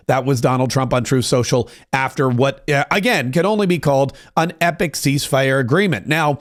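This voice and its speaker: A man hosting a political commentary podcast, talking in a sarcastic, animated way and quoting others. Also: mid-range voice, fairly quick, hardly any pauses. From United States. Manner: sarcastic, animated, quotes others in put-on voices. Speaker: podcast host.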